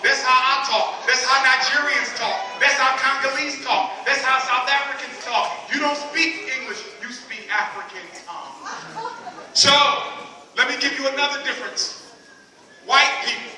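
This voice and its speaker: A man with a very high, sharp, piercing voice lectures a live audience with emphatic force, firing questions at the crowd and climbing to shouts. He is heard from far off in an echoey hall with faint background noise. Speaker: public lecturer.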